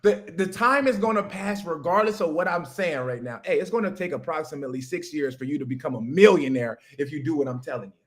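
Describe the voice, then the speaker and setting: Quick and with few pauses, a man with a slightly high voice hosts a livestream. This business coach speaks straight to his chat viewers in a profane, emphatic rant meant to motivate them about business.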